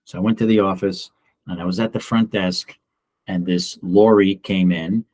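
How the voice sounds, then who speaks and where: Blunt, animated male real estate trainer. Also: low voice, normal speed, no room sound. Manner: blunt, animated, acts out quoted people. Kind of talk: casual office training talk.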